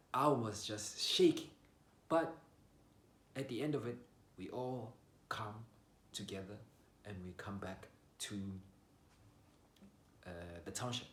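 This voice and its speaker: A young man telling a personal story in a casual way. He swings from loud outbursts to low mutters and swears freely. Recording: roomy echo.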